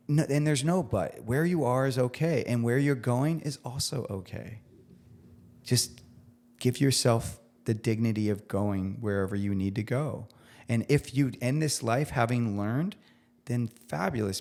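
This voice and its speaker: The chef, a man in his forties, sounds medium-pitched with a darkish tone. On the podcast he reflects earnestly, repeatedly restarting his thoughts as he gropes for words.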